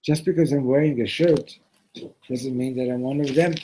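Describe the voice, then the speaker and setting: A man voicing a calm, wise old man in a told fable, speaking patiently and reasoning gently. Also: medium pitch, normal speed, a little hiss or hum, close to an everyday voice, rough recording.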